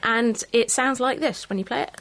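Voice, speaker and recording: A woman co-presenting a science radio show in a studio, explaining things clearly. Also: on the high side, moderate pace, a bit bright, no echo. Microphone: studio mic.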